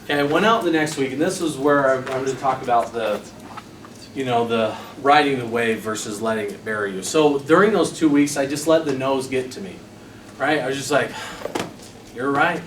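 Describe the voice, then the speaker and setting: A man's voice: mid-range voice, normal speed. Young man telling a story, echoey room. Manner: animated storytelling, acting out his own quotes. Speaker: sales trainer presenting to a team. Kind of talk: motivational training talk. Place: meeting room. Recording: echoey room, mic far off, noisy.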